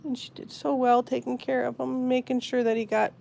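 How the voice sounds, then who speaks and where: Woman on a phone livestream, gravelly low-key voice, faint hiss behind, soft and sad. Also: flat delivery, a little fast. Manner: soft, grieving, answering chat comments. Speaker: pet channel host. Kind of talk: live stream chat with viewers.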